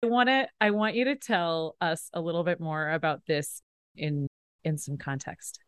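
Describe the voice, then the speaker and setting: A woman's voice: deep voice, moderate pace, clean tone, dry recording, clean studio sound. A woman hosting a casual chat, who laughs often and reacts with short interjections. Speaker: podcast host.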